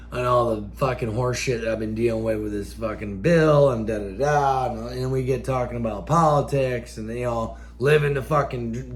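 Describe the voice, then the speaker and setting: A man hosting a show, delivering a profane, angry rant that keeps flaring into shouts. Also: medium pitch. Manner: angry, swears constantly, flares into shouts. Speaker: show host. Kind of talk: profane ranting monologue.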